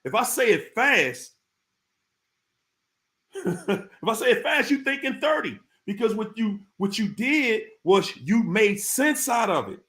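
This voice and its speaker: A man's voice: sits high, very animated, slow pace, bright, forceful tone. A man hosting a casual live stream, talking straight to his viewers in informal slang and repeating his points for emphasis. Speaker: live-stream host talking about narcissists.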